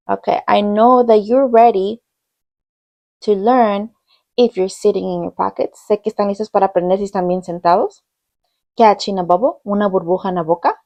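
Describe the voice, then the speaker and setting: A woman's voice: medium pitch, darkish tone. A woman teaching young children, reading words aloud in English and Spanish and repeating each one with patient encouragement. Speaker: bilingual teacher. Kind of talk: slow bilingual classroom lesson for young children.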